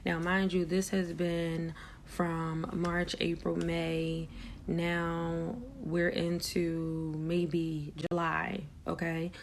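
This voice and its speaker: Young woman, gravelly low voice, blunt. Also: very slow, slight background noise. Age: young adult. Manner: blunt, frank, swears freely; animated, rising loud when recounting shock. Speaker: vlogger sharing her story. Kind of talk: candid personal storytelling.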